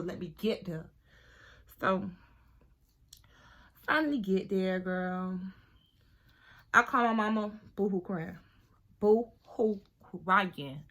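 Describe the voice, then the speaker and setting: A young woman telling a casual storytime to viewers while doing her hair, chatty and animated. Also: mid-range voice, takes it slowly, pauses often. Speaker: beauty vlogger.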